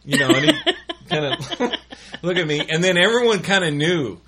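A man's voice: high-pitched, very animated, normal speed, noisy background. A middle-aged man casually telling rambling office stories, full of fillers and restarts. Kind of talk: casual storytelling chat.

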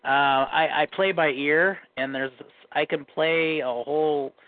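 A man's voice: on the high side, a little slow, dry recording. Brief: man, faint Minnesotan accent, rambling anecdotal storyteller, phone-line sound. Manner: rambling, self-correcting storyteller. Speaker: guest recalling his life. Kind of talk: casual conversation. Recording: phone-like narrow band.

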